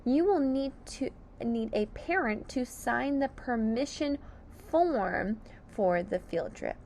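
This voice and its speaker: A woman teaching phonics to young children, sounding out each word slowly and clearly, syllable by syllable. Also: a little high, animated, darkish tone, slight background noise. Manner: slow and over-enunciated, sounding out syllables. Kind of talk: slow, deliberate phonics lesson for children.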